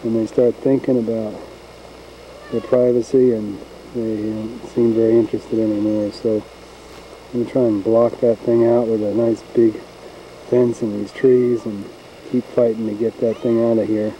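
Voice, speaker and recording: A man's voice: fairly low pitch, flat delivery, moderate pace, warm tone, slight background noise, poor audio. A man narrating casually as he films his farm outdoors on a handheld camcorder, folksy and rambling. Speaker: home video maker. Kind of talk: casual narration while filming. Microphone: handheld camcorder mic.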